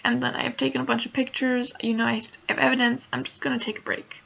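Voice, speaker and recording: Young woman vlogger, upset and near tears, rambling, fry-heavy bright voice, muffled lo-fi audio. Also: a little high, fairly even intonation, quick pace, hardly any pauses. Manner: emotional, rambling, many "like" fillers. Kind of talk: casual storytelling vlog.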